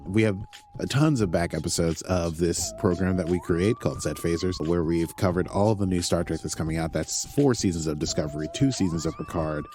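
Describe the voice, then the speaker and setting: A man co-hosting a relaxed podcast, his voice deep and mellow. He jokes around, drops into low murmurs, then jumps up with a bouncy, wide-ranging pitch. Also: a little fast. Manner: playful, joking, wanders between low murmurs and bursts. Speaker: podcast co-host. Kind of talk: casual podcast chat.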